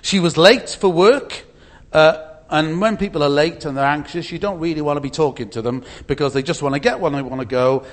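A middle-aged man gives an informal church talk with slides, chatty and full of anecdotes, asides and restarts. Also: on the high side. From Britain. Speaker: speaker at a church meeting.

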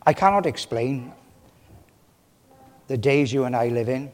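A man preaching a sermon from a church pulpit, impassioned, with his voice swelling loud and then dropping low. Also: a little slow. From Wales. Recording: long reverb of a large hall.

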